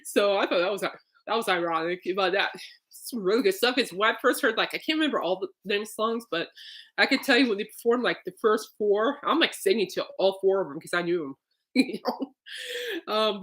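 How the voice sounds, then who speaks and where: A woman's voice: mid-range voice, normal speed, fairly bright tone. A woman hosting a podcast in casual, rambling chat, laughing often. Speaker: podcast host.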